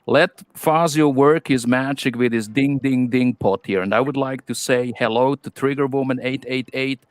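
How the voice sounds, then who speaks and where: A man's voice: medium pitch, normal speed, no echo. A man co-hosting a live stream, casually greeting viewers in an amused, laid-back way.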